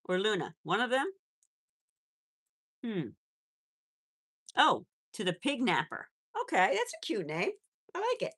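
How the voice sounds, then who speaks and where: A woman's voice: medium pitch, huge pitch swings, measured pace, pauses often, fairly bright tone, breathy edge. A woman hosting a casual live stream from home on her phone, chatting with viewers and cooing at her pets. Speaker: pet channel host.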